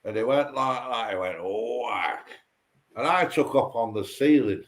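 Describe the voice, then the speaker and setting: Man for a livestream chat, tells a rambling, profane story, restarts often, average pitch. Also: expressive, moderate pace. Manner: rambling, sweary, repeats himself and stumbles on words. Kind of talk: casual storytelling.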